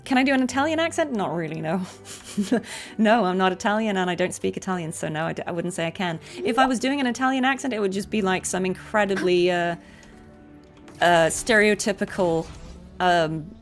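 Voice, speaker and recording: A woman chats while she plays, giving sincere career advice broken by ums and small laughs. Her voice has a gravelly fry to it. Faint game music plays behind her. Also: on the low side, moderate pace. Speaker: voice actor and streamer. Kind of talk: casual chat while gaming.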